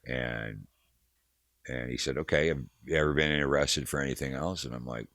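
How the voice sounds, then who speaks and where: Deep-voiced profane man telling road stories. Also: steady tone, moderate pace, a bit bright, no echo, studio quality. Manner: profane, heated storyteller, acts out quotes. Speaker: touring manager guest. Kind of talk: casual storytelling interview.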